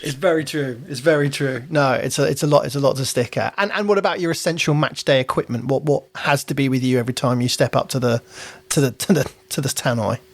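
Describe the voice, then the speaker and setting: A man's voice: medium pitch, quick pace. A man, a stadium announcer hosting a casual podcast, chatty and often restarting his words.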